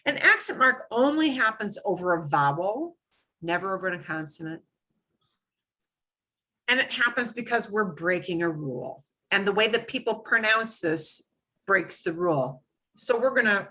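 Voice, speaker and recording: A middle-aged woman teaching an online lesson, her bright voice slow and patient. She repeats points and leans hard on her examples, pitch swinging up and down as she explains. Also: husky. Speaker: Spanish teacher.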